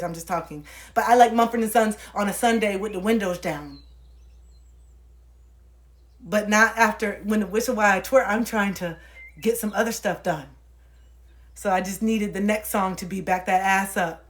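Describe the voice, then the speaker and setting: A young woman livestreaming, ranting casually and profanely to her viewers in an animated way. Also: medium pitch.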